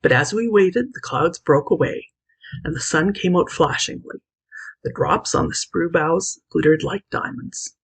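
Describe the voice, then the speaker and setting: A woman reading a classic children's novel aloud in an expressive, lively narration. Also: on the low side, unhurried, vocal fry, slightly rough, poor audio. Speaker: audiobook reader. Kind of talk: scripted storybook narration.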